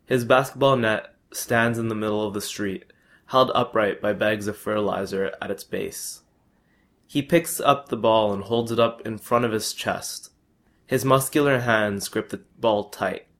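A young man reads a first-person story aloud, steady and matter-of-fact. His voice sits somewhat low, and the reading stays plain and unadorned. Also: unhurried.

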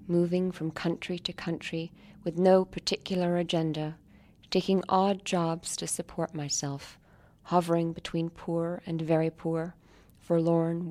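A woman reading her own short story aloud in a measured way, sometimes dropping to near-whispers. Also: on the low side, a little mellow. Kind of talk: literary reading.

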